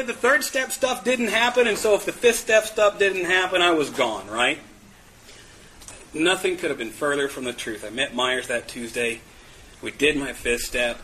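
Giving personal testimony at a meeting, a man with a bright, forceful, mid-pitched voice shares his recovery story candidly at normal speed. He's animated, pokes fun at himself, laughs a lot and stumbles over repeated words. The recording is low quality, with a faint room hum behind him.

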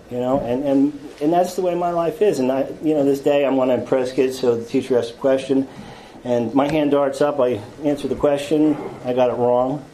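Warm-voiced man, halting and self-mocking. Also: mid-range voice, steady tone, slight background noise, rough recording. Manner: halting, stammered restarts, wry self-mocking humor. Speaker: speaker telling his life story to a group. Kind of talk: confessional storytelling talk.

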